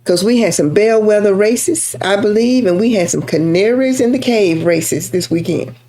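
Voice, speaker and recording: A woman's voice: mid-range voice, normal speed, dark tone. A woman from Texas with a Texan accent, talking politics to her viewers in a chatty, emphatic way and repeating points for emphasis. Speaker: political commentator. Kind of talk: casual political talk to camera.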